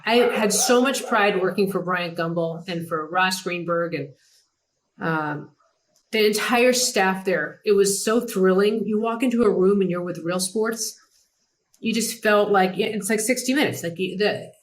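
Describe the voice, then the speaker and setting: Animated woman telling stories. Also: measured pace. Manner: animated, mimics others in a higher pitch. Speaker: podcast host. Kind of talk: casual storytelling chat.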